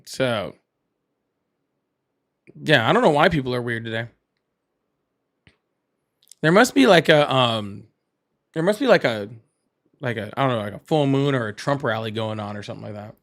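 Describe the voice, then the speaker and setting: A man hosting a live political call-in stream, blunt and argumentative, quick to cut callers off. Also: mid-range voice, animated, a bit bright. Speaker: livestream host.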